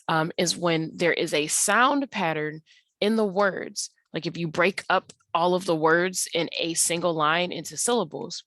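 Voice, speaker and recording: A woman with a low voice teaches an online lesson, patiently talking through her slides. She fills her pauses with ums and uhs. The sound is dry and close. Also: a bit bright, dry recording. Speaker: English teacher. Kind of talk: online tutorial walkthrough of slides.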